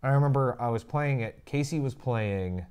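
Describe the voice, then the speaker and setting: A man's voice: mid-range voice, normal speed, darkish tone, clear, resonant tone. A young man co-hosting a casual gaming and tech live stream, joking and rambling. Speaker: stream co-host.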